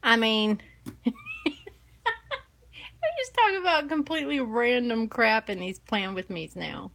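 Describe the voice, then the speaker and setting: Slow-talking Southern woman with a bright voice. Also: fairly high pitch, lively intonation, vocal fry, low-quality recording. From American South. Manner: chatty, laughs often, teasing. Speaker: live-stream host. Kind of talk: casual live-stream chat.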